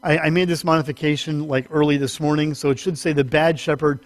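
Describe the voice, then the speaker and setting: A man's voice: fairly even intonation, fairly quick, dry recording, soft background music. A man preaching a teaching sermon in a conversational way, correcting himself as he goes and lifting his voice for emphasis. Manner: conversational, self-correcting, rises in pitch for emphasis. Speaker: pastor.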